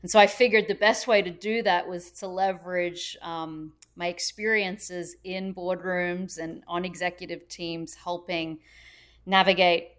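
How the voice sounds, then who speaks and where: Middle-aged Australian woman guest, chatty and cheerful, smooth lower voice. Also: fairly even intonation, unhurried, fairly bright tone. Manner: cheerful, chatty, laughs easily. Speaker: interview guest. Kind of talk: casual interview. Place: busy event venue.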